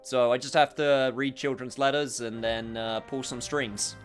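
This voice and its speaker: A man streaming a video game, talking casually, excitable and flustered, swearing a lot. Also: mid-range voice, unhurried, soft background music. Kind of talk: casual gameplay commentary.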